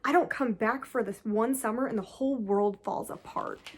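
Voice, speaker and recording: A woman's voice: fairly high pitch, moderate pace, slightly rough. A woman voicing a brooding, possessive young man who complains indignantly.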